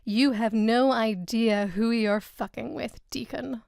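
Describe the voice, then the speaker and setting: A woman reading the part of a lewd, taunting demon-possessed teenage girl, with slow, sneering menace. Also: a little high, steady tone, creaky, darkish tone, dry recording, studio quality. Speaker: actor in a scene reading. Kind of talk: staged script reading.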